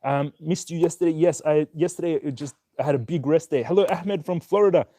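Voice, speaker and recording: A man's voice: fairly high pitch, brisk, dark tone, no room sound. A young man hosting a casual stock market livestream, upbeat as he greets viewers by name and place one after another.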